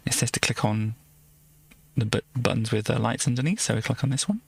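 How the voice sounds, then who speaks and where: A man's voice: mid-range voice, fairly quick, gravelly, breathy edge. A man streaming a game live, reading its text aloud and adding wry asides, often restarting sentences and repeating words. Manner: wry asides between read passages.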